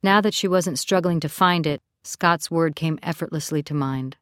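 Low-voiced woman narrating an audiobook. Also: moderate pace, hardly any pauses, a bit bright, dry recording, clean studio sound. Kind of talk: scripted narration.

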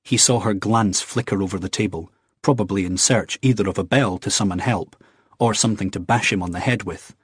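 A male narrator reads the story in a steady, even way. His voice is low and husky, and the recording is dry and close with no room sound. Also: brisk, dry recording. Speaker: audiobook narrator. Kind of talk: scripted narration.

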